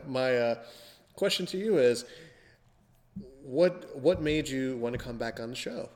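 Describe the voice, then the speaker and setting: A man's voice: medium pitch, slow, darkish tone, in a large hall. A man hosting a casual podcast, teasing his guest in a playful, theatrical way. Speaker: podcast host.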